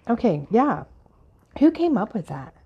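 A woman's voice: mid-range voice, lively intonation, moderate pace, darkish tone, lo-fi sound. A woman co-hosting a casual podcast, playful and self-mocking, often stumbling over her words. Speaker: podcast co-host. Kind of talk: casual chat.

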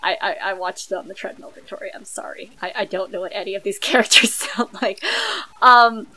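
A woman's voice: mid-range voice, fairly even intonation, a little fast, pushed and bright, rough recording. A woman co-hosting a podcast, speaking in an articulate, analytical way with a few fillers. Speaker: podcast co-host. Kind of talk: casual discussion.

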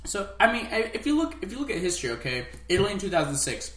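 Hesitant co-host in an echoey room. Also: male voice, sits high, very fast. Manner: relaxed, hesitant, many fillers. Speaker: podcast co-host. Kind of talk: casual chat.

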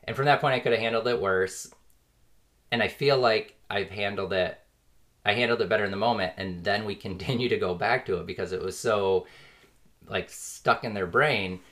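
Speaking at normal speed, this man has a lowish, fairly bright voice and is probably in his thirties. As a podcast host he rambles earnestly through a casual, reflective monologue, using "like" often and chuckling occasionally.

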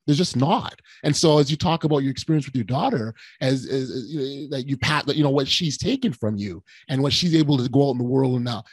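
A man's voice: medium pitch, fast, hardly any pauses, husky, no room sound. A man in his forties hosting a podcast, telling a personal story with animation and lots of restarts. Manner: animated, emotional, frequent restarts and repeated words. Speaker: podcast host. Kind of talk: casual conversational storytelling.

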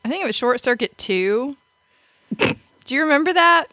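Giggly woman with a lively pitch. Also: moderate pace, no echo. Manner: playful and giggly. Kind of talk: casual chat.

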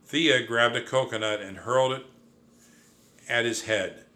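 A man reading a children's storybook aloud in a lively, expressive way. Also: medium pitch, unhurried. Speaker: audiobook narrator. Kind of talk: storybook narration.

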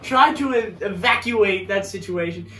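A man in casual chat, telling an animated story about work, acting out quotes and laughing often. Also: sits high, moderate pace. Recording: roomy echo, far from the mic, faint noise.

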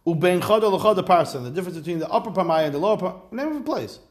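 A man teaching a relaxed Talmud class as a rabbi, reading Aramaic phrases and then explaining them in casual, wry asides. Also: high voice, very fast.

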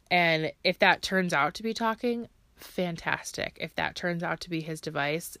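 A woman's voice: lowish voice, normal speed, hardly any pauses, fairly bright tone, dry recording. A woman in her thirties hosting a personal podcast, talking in a heartfelt, emotional way and laughing now and then. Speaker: podcast host.

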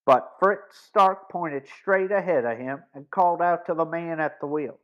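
A man narrating a boys' mystery audiobook in a measured, deliberate reading. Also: on the high side, a bit bright. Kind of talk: scripted story narration. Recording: dull lo-fi recording.

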